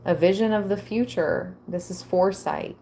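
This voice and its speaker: A woman giving a tarot reading to her viewers, reading aloud and musing with soft exclamations. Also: medium pitch, moderate pace, creaky, a little hiss or hum. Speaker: tarot reader.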